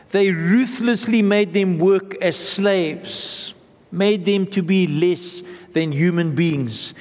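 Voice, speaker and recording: A man preaching a sermon in a church, earnest and measured, often pausing and repeating phrases. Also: high-pitched, in a large hall. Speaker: pastor.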